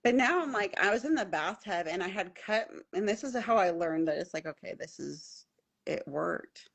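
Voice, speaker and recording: A woman's voice: on the low side, expressive, normal speed, vocal fry, slightly rough. A woman guest on a podcast telling a personal story in casual, earnest, emphatic talk, often repeating key phrases. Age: adult with children at home.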